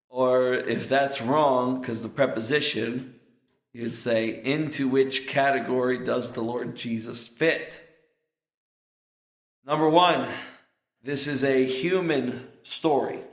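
A man delivers a sermon at an unhurried, deliberate pace, his voice sitting slightly high for a man. He builds earnestly toward emphatic peaks on key points. The room around him rings with a roomy echo. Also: a bit bright. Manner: slow, earnest preaching with rising emphatic peaks. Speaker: preacher.

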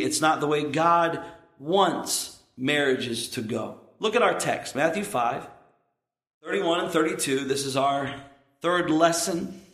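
A man's voice: on the high side, fairly bright tone, reverberant. A man in his thirties, a pastor preaching a sermon in an earnest, emphatic way, with asides to the congregation.

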